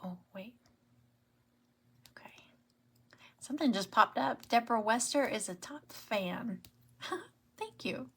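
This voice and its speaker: A woman's voice: fairly high pitch, expressive, takes it slowly, pauses often, a bit bright, slightly rough. A middle-aged woman with a Southern US accent, chatting in a rambling way while she crafts live and greets viewers by name. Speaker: craft livestream host. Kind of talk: casual livestream chat while crafting.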